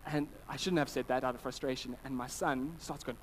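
A man's voice: mid-range voice, a little fast, slight background noise, poor audio. Man preaching a conversational sermon. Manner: conversational preaching with anecdotes, frequent restarts and animated quoted voices. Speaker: pastor.

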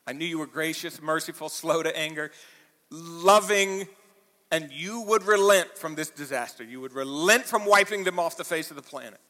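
A man preaching a sermon to a church, talking conversationally, dropping to quiet asides and rising to loud emphatic peaks. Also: on the high side, moderate pace, in a large hall. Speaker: pastor. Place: church auditorium.

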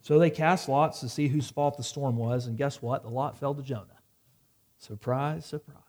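A man's voice: medium pitch, normal speed, darkish tone. A man preaching a sermon, reading scripture dramatically and dropping wry asides. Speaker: pastor.

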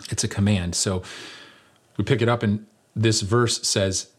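A man's voice: fairly low pitch, steady tone, measured pace, breathy edge. A man preaching a conversational sermon as pastor, earnest and building to emphatic peaks, with touches of light humor.

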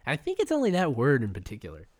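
A man chatting casually and candidly, swearing freely and getting animated as he explains his point. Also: mid-range voice, fast talker, dry recording. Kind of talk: casual chat.

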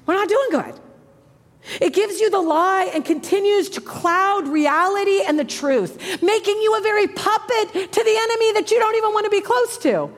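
A woman in her thirties preaching a sermon with passion, moving between hushed, soft lines and emphatic ones. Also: very high-pitched, moderate pace. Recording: long hall reverb.

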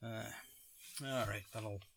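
A man's voice: on the low side, fairly even intonation, slow pace, fairly bright tone, no echo. A man talking alone in a rambling, sarcastic way, often stopping himself mid-thought. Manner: rambling, sarcastic, self-interrupting. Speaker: vlogger. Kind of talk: casual solo monologue.

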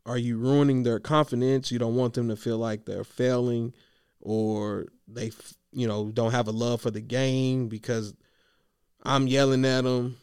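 A man coaching youth basketball, venting in a casual vlog monologue, slangy and animated, worn out from yelling. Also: medium pitch, a little slow, clean tone, no echo, clean studio sound.

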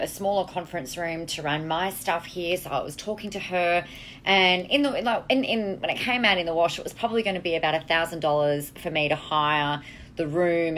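A woman's voice: on the low side, fairly bright tone, slight background noise. Blunt, candid Australian woman podcasting. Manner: candid, blunt, swears freely. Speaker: podcast host, marketing coach. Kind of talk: casual solo podcast monologue. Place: hotel.

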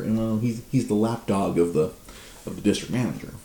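A man's voice: on the low side, a little fast, reverberant. A man streaming, casually telling a rambling story to his live chat with many restarts. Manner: rambling, frequent restarts, laughs, lively.

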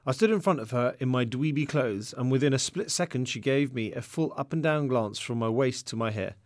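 A man's voice: medium pitch, fairly quick, no room sound. Man narrating his own story. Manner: lively storytelling with voiced dialogue. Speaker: author reading his own book. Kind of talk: first-person audiobook narration. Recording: very dry, close recording.

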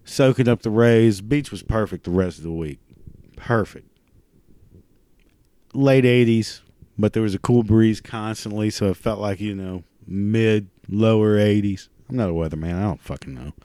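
A middle-aged man, ranting in a casual monologue, crude and profane, rambling with halting restarts. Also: on the low side, mellow, no echo.

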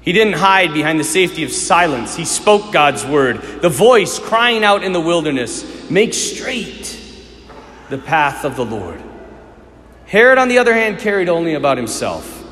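A Catholic priest delivers a sermon with a high voice that leaps and falls expressively. He tells stories with animation, builds to fervent appeals, and sinks to hushed questions. The sound rings with the long reverb of a large church. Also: very animated, unhurried.

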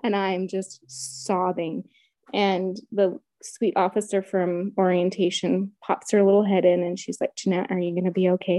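A woman's voice: mid-range voice, little pitch movement, normal speed, mellow, no room sound, clean studio sound. A middle-aged woman telling her own story in casual conversation, retelling events vividly and acting out quotes.

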